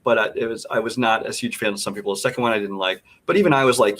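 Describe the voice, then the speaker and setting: A man co-hosting a movie podcast, offering measured, wry opinions and nudging his co-host along. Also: lowish voice, fairly bright tone. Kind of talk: casual movie review chat.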